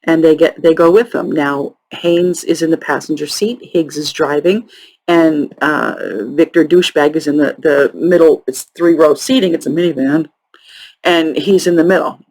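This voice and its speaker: On her true crime podcast, a woman with a low, darkish voice tells cases casually, chatty and full of profane, sarcastic asides. She speaks haltingly with many ums and restarts, and the recording is rough.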